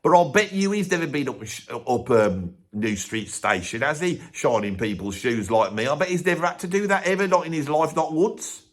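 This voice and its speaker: A man plays a cocky, opinionated Birmingham bloke in his sixties with a thick Birmingham accent, ranting straight to camera in a comic monologue. He swears freely, stumbles and restarts mid-sentence, and his voice sits a little higher than most men's. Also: expressive, normal speed, hardly any pauses. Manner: blustering rant, swears constantly, stumbles and restarts. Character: opinionated older Birmingham bloke, blustering, boastful. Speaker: comedy character ranting to camera. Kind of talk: comedic character monologue.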